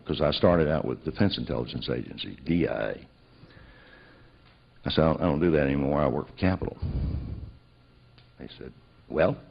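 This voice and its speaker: A man's voice: rumbling low, vocal fry, breathy edge. A man telling a personal story, acting out both sides of remembered conversations. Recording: dull lo-fi recording.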